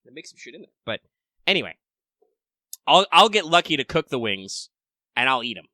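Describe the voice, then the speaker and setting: A man co-hosting a casual gaming podcast, rambling through opinions with quick asides and plenty of swearing. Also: mid-range voice, big pitch swings, bright, forceful tone, dry recording, clean studio sound. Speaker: podcast co-host.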